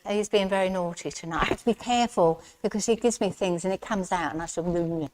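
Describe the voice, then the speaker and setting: A woman's voice: medium pitch, steady tone, brisk, hardly any pauses. A woman giving a chatty mediumship demonstration in a village hall, speaking straight to one member of the audience. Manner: chatty, speaks straight to the recipient, relays messages. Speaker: spiritualist medium. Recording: loud background noise in a hall.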